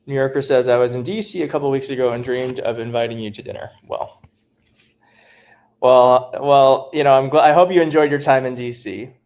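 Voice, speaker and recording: A man's voice: medium pitch, fairly even intonation, fairly quick, a little mellow. A man hosting a casual livestream from home, chatting and reading viewer comments aloud, laughing often. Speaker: livestream host.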